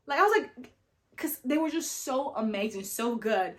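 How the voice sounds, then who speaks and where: A young woman talks straight to her viewers in a casual storytelling vlog. Her voice sits a little high, and she is animated, full of "like" and "you know", and acts out what other people said. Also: moderate pace. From family from Sierra Leone, raised abroad. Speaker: vlogger.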